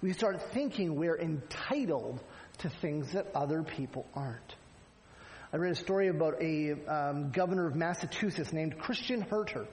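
A man's voice: fairly high pitch, lively intonation, normal speed, darkish tone, in a large hall, a little hiss or hum, poor audio. A man preaching a sermon in a conversational way, with frequent rhetorical asides to the congregation. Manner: conversational preaching, frequent "right?" asides, acts out quoted lines. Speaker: pastor.

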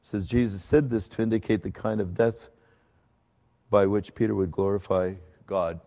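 A man pastor delivering a sermon in an earnest, conversational teaching manner, slowing to stress key points. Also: fairly low pitch, steady tone, dark tone. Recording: long hall reverb.

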